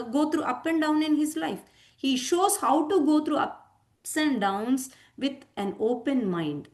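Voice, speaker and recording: A woman giving a devotional discourse, animated, acting out quotes and checking in with "hmm?" and "huh?" asides. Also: on the high side. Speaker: spiritual teacher.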